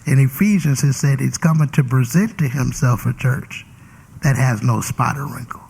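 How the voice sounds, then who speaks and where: Man, talk show host, bishop, gravelly, husky, playful, preachy. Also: medium pitch, normal speed, a little mellow. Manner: playful, preachy, Southern Black church vernacular. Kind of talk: casual interview chat.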